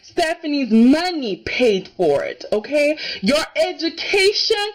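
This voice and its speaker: A woman's voice: sits high, big pitch swings, slow pace, few pauses. A woman giving a casual, indignant reaction review of a soap opera, emphatic and keeps asking "okay?".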